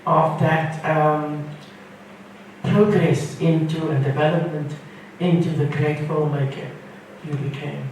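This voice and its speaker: A woman in the audience speaking haltingly with many fillers, praising the speaker. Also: low voice, steady tone, darkish tone. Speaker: audience member. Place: event hall. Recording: echoey hall from far off, faint noise.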